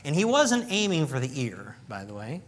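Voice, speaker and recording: A male pastor preaching a sermon in an animated way, acting out dialogue from scripture. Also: a little high, normal speed.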